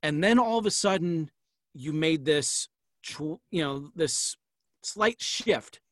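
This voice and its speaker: A man's voice: fairly high pitch, animated, slow pace, dry recording. A middle-aged man hosting an interview, asking long, meandering questions. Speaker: host. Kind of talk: casual interview chat.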